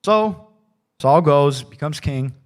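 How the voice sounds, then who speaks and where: A slightly high, expressive male voice takes it slowly as a pastor preaches a conversational sermon in church. He rambles in a casual way, frequently adding "like" and "right?".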